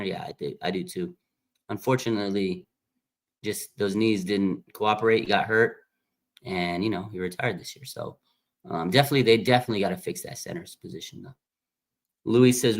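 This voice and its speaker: A man hosting a casual fan livestream, reading viewer comments and chatting in a relaxed, thinking-aloud way. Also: lowish voice, normal speed. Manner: laid-back, thinking aloud with fillers. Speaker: livestream host.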